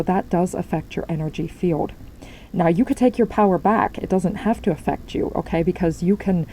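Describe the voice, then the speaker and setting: Woman rambling thru a tarot reading, lowish mellow voice, faint hiss behind. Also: rough recording. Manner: rambling, many fillers and restarts. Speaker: tarot reader. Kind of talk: spiritual reading monologue.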